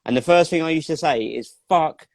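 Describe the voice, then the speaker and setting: A man's voice: a little high, fast talker, gravelly, darkish tone, a little hiss or hum. A man hosting a casual chat, speaking candidly and personally, with frequent "like" fillers. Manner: candid, personal, uses "like" often. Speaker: host.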